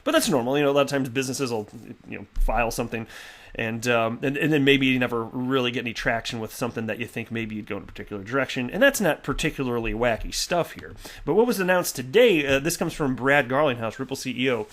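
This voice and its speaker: A man hosting a casual commentary video, chatty and animated with lots of fillers and restarts. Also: mid-range voice, fast. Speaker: crypto video host. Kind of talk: casual commentary reading tweets.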